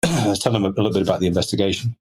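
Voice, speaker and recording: A man's voice: low voice, rapid-fire, darkish tone, slightly rough. A middle-aged man, a guest telling stories in a rambling way, full of "you know" fillers. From Liverpool, England. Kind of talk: conversational storytelling.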